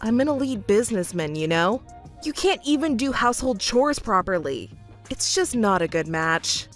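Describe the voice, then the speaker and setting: A woman's voice: medium pitch, big pitch swings, moderate pace, faint music behind, lightly acted. Woman doing an arrogant, scornful young man. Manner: condescending, scolding. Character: arrogant self-important young man, fiancé. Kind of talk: texting story voice acting.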